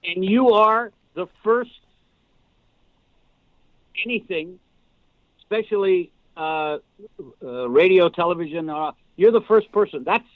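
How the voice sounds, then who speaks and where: Older male guest actor, high-ish voice, tinny phone audio; animated, rambling anecdotes. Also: takes it slowly, pauses often, dry recording. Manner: rambling, animated storyteller with restarts. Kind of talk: casual podcast storytelling.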